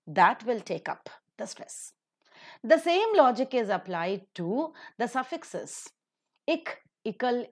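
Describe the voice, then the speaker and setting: A woman lecturing on English word stress over slides, her voice rising and falling with emphasis. She speaks clearly and deliberately, spells endings out letter by letter and repeats each example word. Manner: lively pitch with emphatic stresses. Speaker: English pronunciation teacher.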